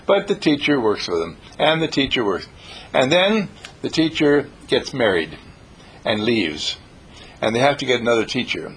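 A man giving an inspirational talk, telling stories in an animated, emphatic way and repeating his key lines. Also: medium pitch, normal speed, slight background noise. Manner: animated, repetitive, emphatic storyteller. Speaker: speaker.

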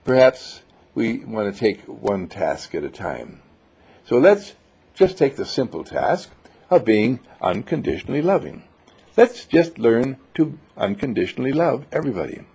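A man's voice: lowish voice, gravelly, darkish tone, breathy edge. A man giving an enthusiastic, repetitive inspirational lecture to a seminar, on a dull lo-fi recording. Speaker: seminar teacher.

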